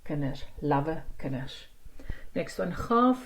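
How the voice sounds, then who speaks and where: A woman teaching a language lesson online, explaining grammar and sounding out example words slowly and carefully, with quick asides. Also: deep voice, sing-song, low-quality recording.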